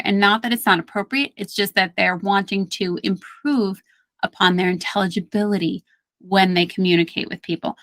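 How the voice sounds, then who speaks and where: A woman with a Brooklyn accent talks through speech therapy as a podcast guest. Her voice is bright and forward, recorded close and dry with no room sound. She explains patiently, circling back and repeating words for emphasis. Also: mid-range voice, no room sound. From Brooklyn, New York. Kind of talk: podcast interview.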